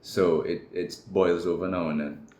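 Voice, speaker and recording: A man's voice: low voice, steady tone, a little slow, a little mellow. A man with a Trinidadian accent, a guest telling his personal story candidly in an interview. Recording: echoey room with faint noise.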